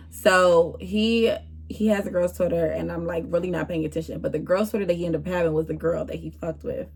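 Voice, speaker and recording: A young woman vlogger telling a storytime in a casual, slangy, exasperated way. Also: mid-range voice.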